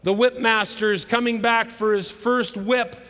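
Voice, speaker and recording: A middle-aged man giving a motivational sermon at a conference, telling stories dramatically and swinging between loud and hushed delivery. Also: very high voice, fairly even intonation, unhurried. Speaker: conference speaker. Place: large hall with live audience. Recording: live hall recording with long reverb.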